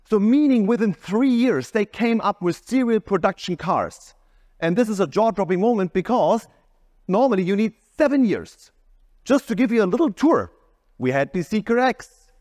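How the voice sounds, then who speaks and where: Energetic man in a reverberant hall. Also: sits high. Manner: energetic, emphatic, sometimes shouting. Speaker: keynote speaker. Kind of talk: keynote speech.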